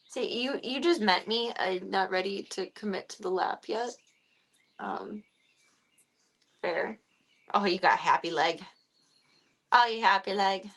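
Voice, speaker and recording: A woman's voice: medium pitch, slow pace, gravelly, pauses often, fairly bright tone. A woman live-streaming, talking casually to her viewers and cooing baby-talk at a foster cat. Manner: coos and baby-talks to the cat between chatty asides.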